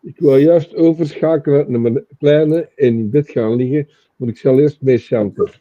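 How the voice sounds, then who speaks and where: A man's voice: medium pitch, moderate pace. A man speaking casually as a participant, in short remarks. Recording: dry tinny phone line.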